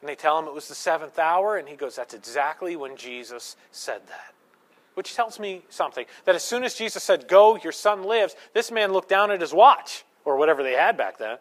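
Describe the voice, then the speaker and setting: A man's voice: on the high side, expressive, moderate pace, a bit bright. A man preaching a sermon to his congregation in a conversational way, with joking asides and acted-out quotes. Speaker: pastor.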